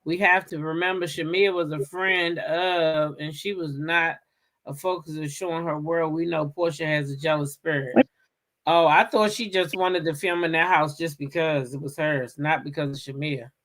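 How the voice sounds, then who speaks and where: Bright-voiced sassy woman host. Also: low-pitched, fairly even intonation, normal speed. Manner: sassy, playful banter. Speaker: talk show host. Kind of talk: casual chat.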